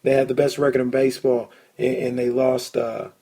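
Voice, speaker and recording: A man hosting a casual sports podcast, an excitable storyteller who swears when he gets worked up. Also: mid-range voice, brisk, husky. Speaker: podcast host.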